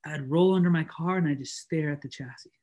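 A male preacher with a fairly high voice gives a loose, conversational sermon. He leans on fillers and acts out the bits of dialogue he quotes. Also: fairly quick, darkish tone.

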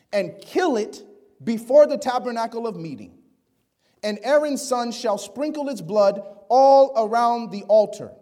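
A man preaching a sermon, reading scripture aloud and asking the congregation questions, often dropping to a hushed, near-whispered voice for emphasis. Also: sits high.

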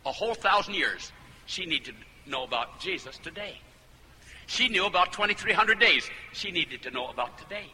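A man's voice: high voice, lively intonation, normal speed, sharp tone, breathy edge. A man preaching a fervent sermon that builds to emphatic peaks. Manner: fervent, rising to emphatic climaxes. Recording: hall reverb with faint noise.

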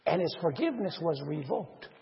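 A man preaching a sermon in a high, husky voice, acting out the voices of a parable's figures. His delivery swings widely, rising loud and dropping soft. The sound is dull and carries the long reverb of a hall. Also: fairly quick. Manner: animated, acts out parable characters with sudden loud and soft swings.

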